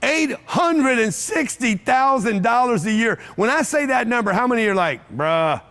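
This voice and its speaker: A man whose voice is high-pitched speaks to a live event-room audience at a moderate pace, his tone a bit bright. Brash, punchy and animated, he keeps hammering repeated phrases in motivational-seminar style.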